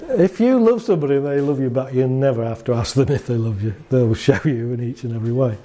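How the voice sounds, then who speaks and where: A man speaking to an audience about anxiety and relationships talks quickly in a mellow, mid-range voice. His talk is chatty, and he acts out little scenes and laughs along.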